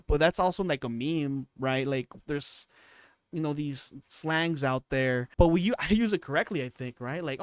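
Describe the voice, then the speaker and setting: A commentary YouTuber in his twenties talks casually on his channel, rambling, repeating himself and frequently restarting sentences. His voice is fairly high and clean at a normal speed, recorded in studio quality with no echo.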